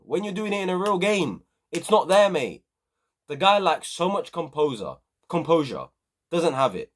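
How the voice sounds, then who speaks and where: A man rants about football to his viewers, his pitch swinging widely as he hammers the same points again and again. His voice sits a little high and he talks in loose, casual slang. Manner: heated, emphatic, repetitive ranting with slang. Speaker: football channel host. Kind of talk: ranting football review to camera.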